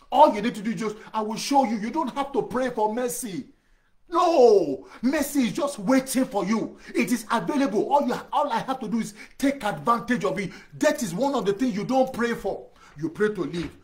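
A pastor preaches in a high-pitched man's voice. He speaks emphatically, hammers home repeated phrases and turns straight to the listener as his brother or friend. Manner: direct address to the listener. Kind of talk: sermon.

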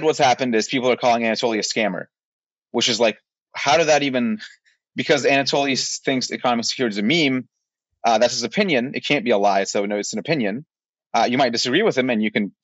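A man's voice: medium pitch, no echo, highs cut off. A man co-hosting a podcast, ranting bluntly and with exasperation, swearing freely. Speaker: podcast co-host. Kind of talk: heated rant in casual podcast chat.

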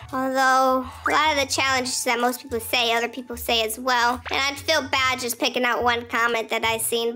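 A woman's voice: high-pitched, sharp tone. A young adult woman giving casual, upbeat commentary on her own gameplay and talking straight to her viewers. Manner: chatty and upbeat, talks to viewers. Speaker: gaming YouTuber. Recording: faint game music behind.

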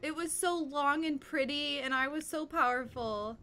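High, bright-voiced woman streamer. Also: normal speed. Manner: wondering, easily startled, gasping, thinking aloud. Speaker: game streamer. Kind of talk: casual live gameplay reaction. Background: game music.

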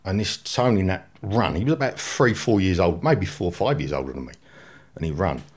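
A man in his forties from England, a guest with a London accent, gives a blunt, slang-peppered account of his life. The storytelling is lively and unpolished, delivered in a low, slightly rough voice at a moderate pace.

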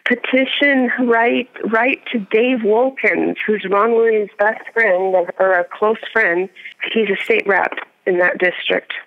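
Woman, interview guest, earnest, plain-spoken, gravelly, muffled phone audio. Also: mid-range voice, slow. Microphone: telephone.

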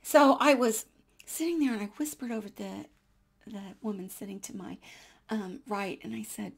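A woman in her sixties telling a personal faith story in a chatty, animated way, dropping into whispers at hushed moments. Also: mid-range voice, normal speed, breathy edge. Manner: chatty with frequent fillers and small laughs.

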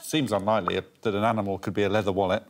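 A man's voice: fairly low pitch, fairly even intonation, rapid-fire, very noisy. A man acting as a comedy show's assistant, reading out scores and explanations in a dry, matter-of-fact, slightly apologetic way. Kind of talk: deadpan score announcements and studio banter. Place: TV studio with a live audience.

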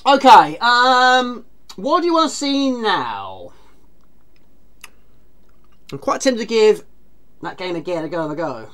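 A woman's voice: medium pitch, very animated, slow, long pauses, a bit bright. A woman streaming a retro game, chatting casually, teasing herself and greeting viewers from chat. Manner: chatty, self-mocking, reads chat aloud.

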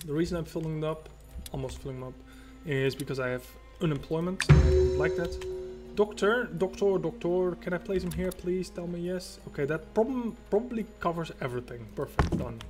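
A man's voice: on the high side, brisk, hardly any pauses. A man casually commenting on his own gameplay as a let's play host, rambling and talking to himself and to the game. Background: loud game music.

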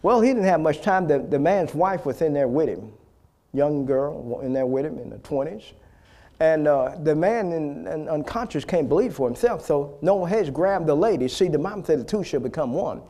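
A man preaching a healing sermon, emphatic and rising to loud, repeated exhortations, with frequent restarts. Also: on the high side, animated, moderate pace. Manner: restarts and stammers between phrases.

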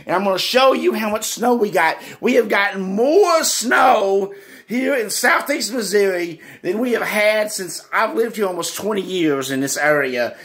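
A middle-aged man, hosting his homemade vlog with loud, excited greetings and rambling chatter. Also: sits high. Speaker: vlogger, channel host.

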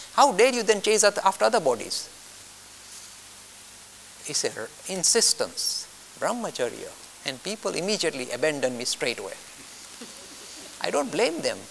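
A man's voice: high voice, sing-song, normal speed, gravelly, pauses often, a bit bright. An older man giving a spoken lecture, blunt and emphatic, acting out his listeners' objections in mock voices and repeating his key points. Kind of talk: spoken lecture on spiritual discipline. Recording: long hall reverb with faint hiss.

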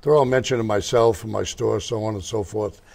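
An older man with a low, gravelly voice talks as a guest in an interview. He tells long stories about running his motorcycle shop, wandering off topic and restarting his sentences. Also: brisk, a little mellow. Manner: rambling, digressive, restarts. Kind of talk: casual storytelling interview.

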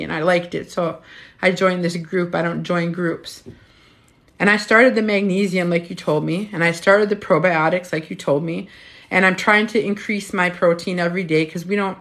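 A woman's voice: fairly low pitch, fairly bright tone. A woman in her fifties, a menopause health coach, chatting casually and frankly on a phone at home, swearing freely. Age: 50s. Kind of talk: casual live-stream chat.

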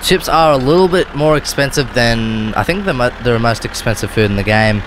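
Car engine noise runs in the background as a man with an Australian accent, hosting a gaming video, gives loose, rambling gameplay commentary. His medium-pitched voice is animated and fairly quick, and he frequently corrects himself mid-sentence.

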